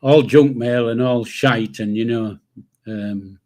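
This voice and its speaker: Slow rambling older grandad. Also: male voice, on the low side, steady tone, darkish tone. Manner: rambling, chatty, swears casually, chuckles to himself. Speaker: livestream host. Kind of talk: casual live chat reading comments.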